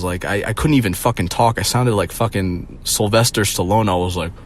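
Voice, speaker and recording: Young male vlogger, casual rambling rant, profane, filler-heavy, faint background hiss. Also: on the low side.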